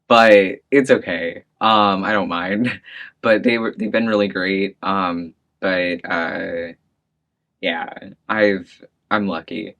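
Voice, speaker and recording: Low-voiced man telling a story. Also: fairly even intonation, slow, fairly bright tone. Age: 30s. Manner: storytelling, laughing often, many fillers and restarts. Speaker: interviewee. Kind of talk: oral history interview.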